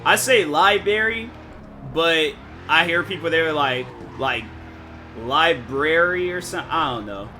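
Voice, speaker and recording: A man's voice: fairly high pitch, expressive, moderate pace, bright, forceful tone. A man streaming and chatting casually, rambling with lots of filler words and restarted sentences. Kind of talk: casual chat on a live stream. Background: game music.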